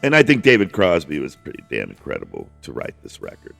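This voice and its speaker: A man's voice: sits low, huge pitch swings, fast talker, creaky, a bit bright. A man hosting a casual music podcast, rambling enthusiastically with lots of restarts and the odd swear. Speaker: podcast host.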